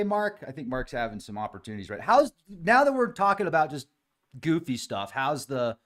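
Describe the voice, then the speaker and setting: A man hosting a podcast livestream, chatting casually, reading viewer comments aloud and addressing people by name. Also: medium pitch. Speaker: podcast host reading live chat comments.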